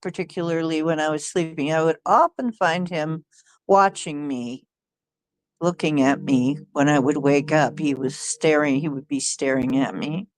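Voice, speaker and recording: A woman hosting her channel, telling a personal story in a halting way, often repeating herself and sighing. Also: deep voice, no room sound. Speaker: channel host.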